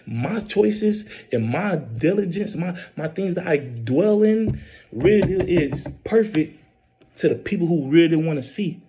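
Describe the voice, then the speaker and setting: A man's voice: fairly high pitch, animated. Preachy, rambling man on lo-fi audio. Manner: preachy, rambling, repeats phrases, swears; reads scripture aloud haltingly. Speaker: self-posting religious speaker. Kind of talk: informal religious monologue. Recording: dull lo-fi recording.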